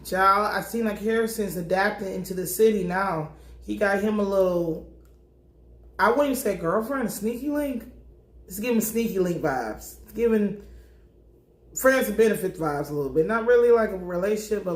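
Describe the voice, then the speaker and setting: A woman's voice: mid-range voice, moderate pace. A young adult woman recapping a TV episode in a casual, slangy, profane and joking way. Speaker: TV recap vlogger. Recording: echoey room.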